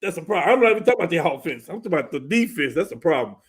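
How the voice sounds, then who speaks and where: A man with a notably high speaking voice holds forth on a casual sports talk panel. He rants with fired-up exasperation and jabs at teams he thinks are blowing it. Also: very animated, very fast, husky.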